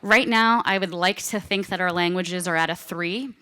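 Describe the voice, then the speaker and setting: A woman's voice: lowish voice, moderate pace, bright, forceful tone, clean tone. A woman giving a conference presentation in a casual, chatty way, often saying "like" and "you know". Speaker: conference speaker. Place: conference stage.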